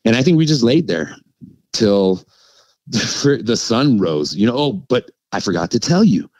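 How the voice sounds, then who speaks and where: Low-voiced middle-aged man telling a story. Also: a little slow, dry recording, dull audio. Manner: animated, filler-heavy with frequent likes and laughs. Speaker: podcast guest, witness. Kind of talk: casual storytelling.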